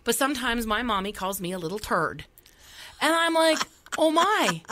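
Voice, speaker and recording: A woman's voice: on the high side, moderate pace. A woman in her forties, a podcast co-host telling funny stories in a casual chat and acting out the voices. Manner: animated comic storyteller, acts out voices.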